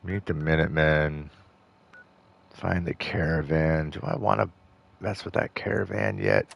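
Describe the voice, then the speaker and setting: Brief: deep-voiced male let's-play host, loose rambling gameplay chatter. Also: expressive, a little slow, gravelly, highs cut off. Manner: rambling, full of fillers and restarts. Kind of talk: casual gameplay commentary.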